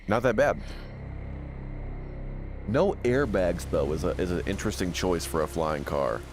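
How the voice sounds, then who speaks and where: A deep-voiced man gives let's-play commentary on a survival horror game, full of sarcastic jokes. He reads on-screen text aloud as he goes. Game music and rain play under his voice. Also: animated, unhurried. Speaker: gaming streamer.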